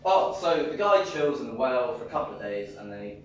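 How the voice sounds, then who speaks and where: An actor playing a stoned, giggly young Jesus with a Liverpool accent, rambling in a live stage comedy sketch. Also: male voice, mid-range voice, big pitch swings, quick pace, background noise, natural voice. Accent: English, Liverpool. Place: club stage, heard from the room. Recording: echoey, distant, muffled lo-fi room recording.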